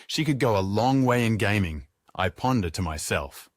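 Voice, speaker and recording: A man's voice: on the low side, expressive, moderate pace, no room sound, clean studio sound. A man narrating his own audiobook in the first person, sardonic and freely profane.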